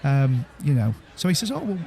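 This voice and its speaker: A man co-hosting a podcast in casual chat, telling jokes with halting restarts. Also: mid-range voice, wildly swooping pitch, gravelly, darkish tone, a faint crowd. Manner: halting, stammering restarts, chuckling joke teller. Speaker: podcast co-host.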